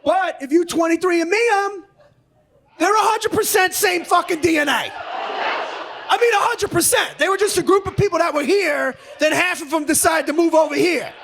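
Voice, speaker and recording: A man doing stand-up comedy on a club stage, ranting profanely and shouting punchlines. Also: very high-pitched, moderate pace, creaky, some chatter behind. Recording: live comedy club, noisy audience.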